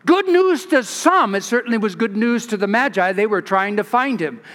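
High-voiced pastor preaching in a reverberant church. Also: male voice, normal speed. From California. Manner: expressive storytelling, with restarts and asides. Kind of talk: sermon. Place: large church.

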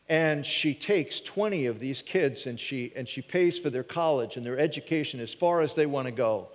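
A man's voice: medium pitch, normal speed, few pauses. A man preaching a sermon in an earnest way, thinking through hard questions aloud and sometimes restarting a phrase. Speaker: pastor. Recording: long hall reverb.

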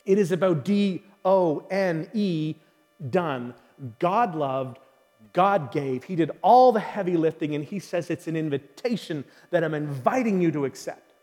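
High-voiced preacher in an echoing hall. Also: male voice, animated, measured pace, a little mellow, soft background music. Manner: emphatic, repeats key phrases, asks the audience questions. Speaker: pastor. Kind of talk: sermon. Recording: long hall reverb.

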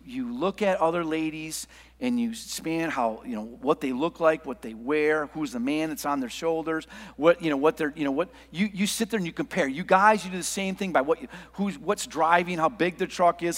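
A middle-aged male pastor preaching a sermon, telling a story and swinging from quiet asides to shouts. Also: fairly high pitch. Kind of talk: sermon with anecdote. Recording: long hall reverb.

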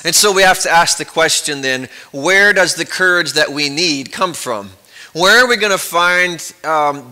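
Bright-voiced male pastor preaching. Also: on the high side, low-quality recording. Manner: conversational, with fillers and restarts. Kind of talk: sermon. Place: church sanctuary.

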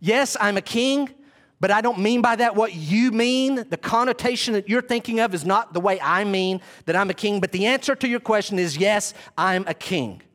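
Male pastor, high voice, delivers a sermon with animated acted-out quotes. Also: normal speed.

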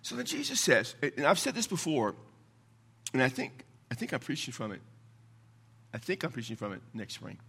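A man's voice: mid-range voice, moderate pace, creaky, long pauses, slightly rough. A man preaching a sermon as a Baptist pastor, teaching from scripture in an emphatic, conversational way with the odd chuckle. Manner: emphatic, animated, chuckles between points.

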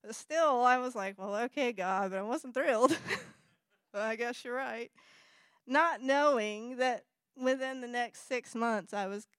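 A woman giving a personal testimony to an audience, earnest and halting, correcting herself and apologizing as she talks. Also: on the high side, fairly bright tone, clear, resonant tone, no echo. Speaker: speaker sharing personal testimony. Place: presentation with slides in front of an audience.

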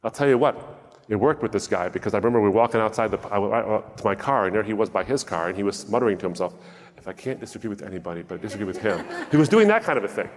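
Animated man telling stories in a hall. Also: on the low side, rapid-fire. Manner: animated storytelling, wry humor. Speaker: speaker. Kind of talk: sermon talk with anecdotes.

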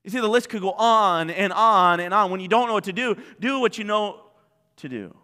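A male pastor preaching a sermon, animated, with many rhetorical questions. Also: high voice, moderate pace, in a large hall.

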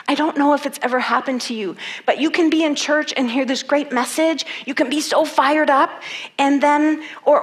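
A woman's voice: fairly high pitch, fairly bright tone. A woman preaching a sermon and reading scripture, earnest and emphatic, repeating key phrases for weight.

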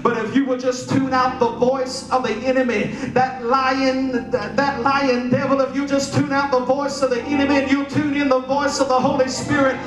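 A man with a strikingly high voice preaching a sermon, swinging between hushed, low scripture quotes and chanted, rising crescendos. He is recorded in a roomy church sanctuary, with music playing clearly underneath. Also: level tone, moderate pace, hardly any pauses, distant mic. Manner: preaching with rising chanted, sing-song intensity. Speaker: pastor.

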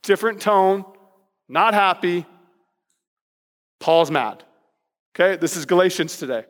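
A male pastor preaching a sermon in a lively, conversational way, hammering points home with playful repetition. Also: high voice, moderate pace, big-room sound.

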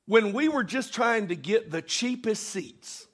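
A man's voice: sits high, lively intonation, measured pace, breathy edge. A middle-aged man preaching a sermon as pastor, telling a story with emphatic bursts.

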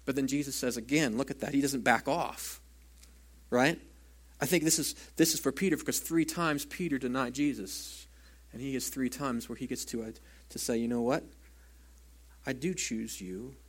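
A man preaching a sermon in an earnest, conversational way, sometimes dropping to a hushed voice and often asking his listeners "right?". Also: mid-range voice, normal speed. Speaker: pastor.

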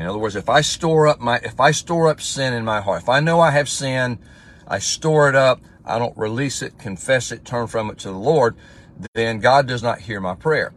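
A man's voice: mid-range voice, lively intonation, normal speed, fairly bright tone. A man giving a casual livestream devotional as pastor, talking in a conversational way and reading scripture aloud with emphasis.

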